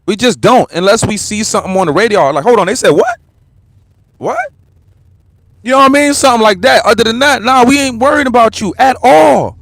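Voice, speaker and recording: Combative New York man, high voice. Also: fairly bright tone, dry recording. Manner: blunt, combative, repetitive street talk. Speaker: livestream host. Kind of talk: heated livestream rant.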